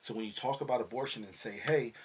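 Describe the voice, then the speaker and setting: A man's voice: lowish voice, racing, slight background noise. A middle-aged man hosting a casual family podcast, talking animatedly and often slipping into quoted voices, with many fillers like "you know what I mean". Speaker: podcast host talking with his son.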